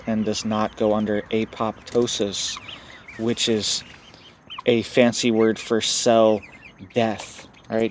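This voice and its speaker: A man's voice: on the low side, slight background noise. A man hosting a homesteading channel, talking urgently to camera and tagging lines with "right?", with chickens close by. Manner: urgent, repeats "right?" often. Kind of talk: casual direct-to-camera commentary. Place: home setup with chickens nearby. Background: chickens clucking.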